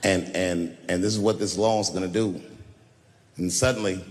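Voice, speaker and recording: A man's voice: deep voice, normal speed. A man in his fifties performing a stand-up routine to a live audience, telling stories in a conversational way and jumping suddenly into other voices. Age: 50s. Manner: conversational, animated storytelling with sudden voice shifts. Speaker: stand-up comedian. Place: large live venue with audience. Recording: live hall reverb, faint room noise.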